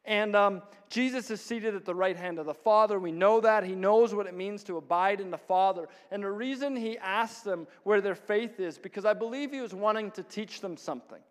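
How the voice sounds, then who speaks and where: A man's voice: high-pitched, moderate pace, hardly any pauses. A man preaching a sermon, telling stories with frequent chuckles and acting out the voices of others. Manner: storytelling, chuckles often, plays out voices of others. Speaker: pastor. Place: church hall. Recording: long hall reverb.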